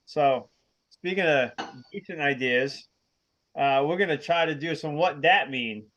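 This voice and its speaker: An enthusiastic man co-hosting a casual podcast, laughing easily as he talks. His voice sits a little high, and the sound is dull and lo-fi. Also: measured pace, a bit bright. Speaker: podcast co-host.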